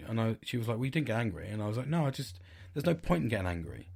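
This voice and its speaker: A man's voice: mid-range voice, big pitch swings, a little fast, creaky, slightly rough. Sweary man telling a story. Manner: candid, sweary, rambling with restarts. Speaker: podcast host. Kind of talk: casual storytelling monologue.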